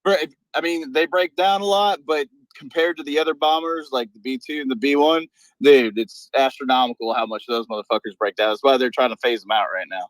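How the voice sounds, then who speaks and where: A mid-pitched man rambles through casual call chat, swearing freely as he explains his supervisor job. He talks from his workplace, and his voice comes through dry and close, with no room around it. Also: no echo, poor audio. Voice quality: profane, rambling, says he talks fast. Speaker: Air Force aircraft maintenance supervisor. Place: at work on an air base.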